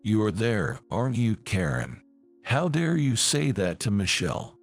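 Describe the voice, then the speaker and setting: A man's voice: lowish voice, very animated, a little slow, faint music behind. A man doing a furious middle-aged ex-husband. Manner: angry, accusing.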